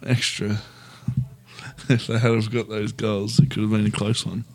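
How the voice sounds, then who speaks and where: A man's voice: fairly low pitch, level tone, normal speed. An Australian man co-hosting a casual sports podcast, chuckling often and trailing off mid-sentence. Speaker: podcast co-host.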